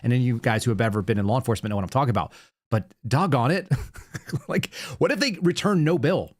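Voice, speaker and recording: A man in his thirties hosting a political commentary show, sarcastic and animated as he tells stories and reacts to news clips. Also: medium pitch, fast. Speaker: podcast host.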